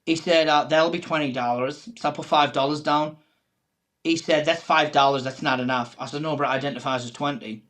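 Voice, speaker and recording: A man's voice: a little high, fairly quick. A man, a comedian guest, telling a story in a panel chat and acting out the voices he quotes. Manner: animated anecdote teller, acts out quoted voices.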